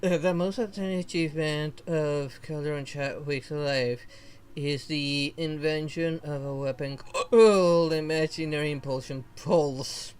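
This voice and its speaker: A male VTuber streamer reading game dialogue aloud slowly, with casual commentary, laughs and mild swearing. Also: fairly high pitch, clean tone. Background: faint game music.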